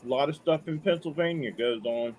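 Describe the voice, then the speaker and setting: Chatty middle-aged man with a higher voice. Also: moderate pace, a little mellow. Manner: chatty, folksy, says "man" often. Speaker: caller. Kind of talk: casual storytelling.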